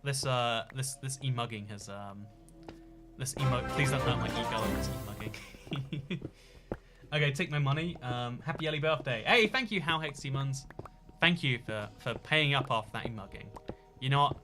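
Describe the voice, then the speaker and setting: A man's voice: mid-range voice, moderate pace, loud music behind the voice. A man hosting a casual livestream and reading out chat donations. He talks in a rambling, jokey way, full of fillers and restarts.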